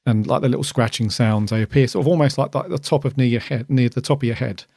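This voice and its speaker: Guy with a gravelly voice rambling through a show review, lots of ums, dry close mic. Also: mid-range voice, steady tone, fast, a little mellow, no room sound. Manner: chatty, rambling with many ums. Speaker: podcast co-host. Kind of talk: casual review chat.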